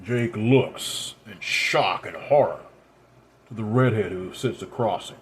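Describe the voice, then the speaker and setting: A man narrating a dark story in a quiet, low-key way. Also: takes it slowly, a little hiss or hum. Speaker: audiobook narrator.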